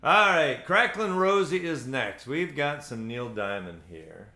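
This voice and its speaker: Between songs on his ukulele play-along show, a Central Florida host makes easygoing, meandering small talk full of ums and uhs. He speaks at medium pitch and a measured pace in a roomy-sounding space.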